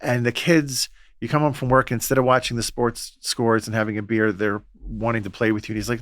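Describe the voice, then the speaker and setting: A man, a Catholic priest, telling stories in a relaxed podcast conversation and acting out the voices he quotes. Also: medium pitch, brisk, dry recording, studio quality. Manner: storytelling, acts out quoted voices. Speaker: Catholic priest and exorcist guest.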